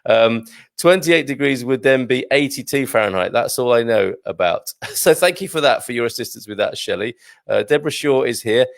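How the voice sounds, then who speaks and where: A British man hosts a livestream from a small studio, his mid-range, gravelly voice lively at normal speed. The sound is studio quality with no echo as he rambles through viewer comments, chuckling at himself in a self-deprecating way.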